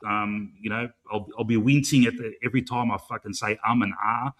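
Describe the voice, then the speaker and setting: A man's voice: on the low side, steady tone, brisk. An Australian man hosting a casual live fan stream, rambling and matey, swearing freely and filling gaps with "um". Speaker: fan show host.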